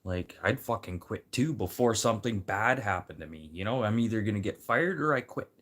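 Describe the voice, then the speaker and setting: Deep-voiced guy, blunt and rambling, swears constantly in a loose rant. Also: expressive, brisk, a bit bright. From Manitoba. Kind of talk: casual rant.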